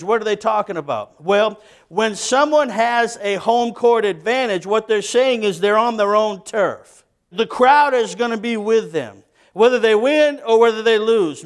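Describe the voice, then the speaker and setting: A man preaching with a high voice, calling questions out to the congregation. He slows way down to stretch out key phrases, then speeds ahead in between. His tone stays plain and conversational between the emphatic stretches. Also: clear, resonant tone. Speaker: pastor. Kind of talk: sermon.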